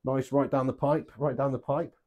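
A man's voice: medium pitch, fairly even intonation, normal speed, darkish tone, highs cut off. A man playing darts live, chatting to viewers and reading out their messages, joking, swearing freely and laughing a lot. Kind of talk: live stream banter, reading out chat. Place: home darts setup.

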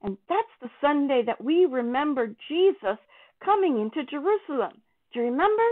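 A woman's voice: sits high, animated, normal speed. A woman voicing a friendly, chatty young boy puppet who cheerfully coaxes the children. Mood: eager. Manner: cheerful, coaxing, talks straight to children. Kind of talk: children's church puppet talk. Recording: tinny, phone-like sound.

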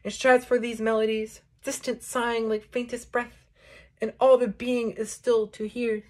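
A woman voicing a man who speaks softly and reverently in a poem reading. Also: a little high, level tone, measured pace, close to an everyday voice. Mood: hushed.

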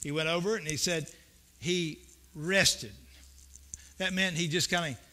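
A fast-talking pastor with a high, ringing, forceful voice and a steady tone gives a sermon in a church sanctuary. His folksy, homespun stories alternate between gentle conversational asides and preaching bursts that climb into emphatic, repeated questions.

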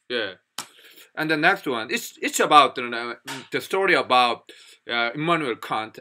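A man with a Korean accent teaching English pronunciation in a casual spoken lesson, halting with many fillers and restarts. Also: on the high side, very animated, pushed and bright.

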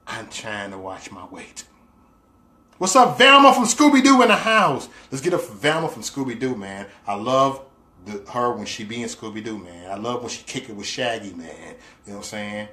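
A man's voice: fairly low pitch, normal speed, fairly bright tone. A man hosting a casual livestream, chatting with viewers in a playful, teasing way, laughing often and using loose slang fillers. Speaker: livestream host. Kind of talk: casual livestream chat reading viewer comments.

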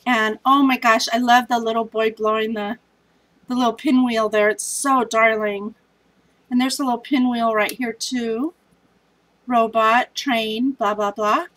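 A woman's voice: on the high side, fairly even intonation, unhurried, fairly bright tone, poor audio. Chatty tired woman hosting a craft vlog. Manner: chatty, scattered, self-deprecating. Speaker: scrapbooking challenge host. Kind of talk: casual vlog chat.

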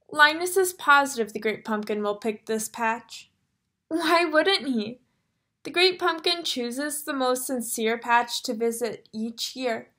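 High, unhurried teacher reading a storybook to young kids, asks them questions. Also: female voice. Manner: animated storyteller, gasps, asks the children questions. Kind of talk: reading a picture book aloud to young children.

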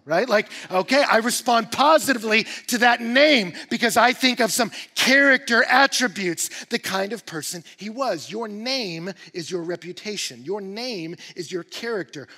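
A male pastor preaching a sermon in an animated, emphatic way, with rising bursts of energy. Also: sits high, in a large hall. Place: church auditorium.

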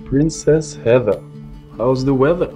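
A man's voice: medium pitch, unhurried, close to an everyday voice. An actor playing a teasing man who flirts in rhymes. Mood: flirty. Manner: teasing, rhyming pickup lines. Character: smooth-talking Caribbean man flirting. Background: guitar music.

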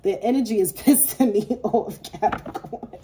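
A woman gives a casual tarot reading in a mellow, warm voice. She is blunt and fired up, swearing freely in loose slang and laughing often. A faint hiss sits under her voice. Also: mid-range voice, normal speed. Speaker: tarot reader.

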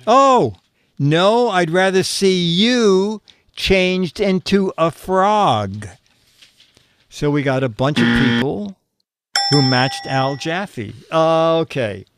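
Slow, fumbling male show host. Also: fairly high pitch, lively intonation, a bit bright. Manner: slow and fumbling, searching his papers aloud; chuckles at the jokes he reads. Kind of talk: casual streamed chat, reading viewer answers.

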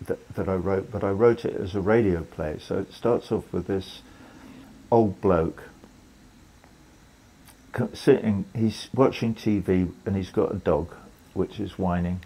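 A man's voice: deep voice, unhurried, mellow, slightly rough, low-quality recording. An older man, telling a long story as an interview guest, rambling with restarts and quoted lines. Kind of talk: relaxed storytelling conversation.

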